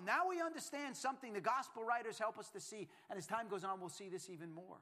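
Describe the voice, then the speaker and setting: A pastor preaching a sermon, emphatic and repetitive, swinging from hushed lines to loud ones. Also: male voice, extremely high pitch, animated, fairly quick.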